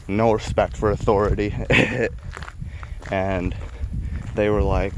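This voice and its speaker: A man's voice: fairly low pitch, steady tone, slow pace, pauses often. A man telling stories from his youth in a casual, rambling way, swearing constantly. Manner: profane, rambling and laid-back. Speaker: storyteller. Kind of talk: casual storytelling. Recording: noisy recording.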